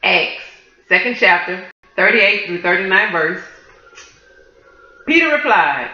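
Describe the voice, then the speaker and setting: A woman minister praying fervently and preaching to her listeners, repeating praises with deep emotion. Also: sing-song, takes it slowly, long pauses, sharp tone. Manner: emotional, repetitive praise, addresses listeners as y'all. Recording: roomy, dull lo-fi sound.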